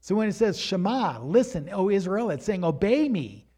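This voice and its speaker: A middle-aged man preaching a sermon, mixing plain exhortation with a personal story told in a relaxed, conversational way. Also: high voice, normal speed. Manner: rises to emphatic exhortation. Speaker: pastor.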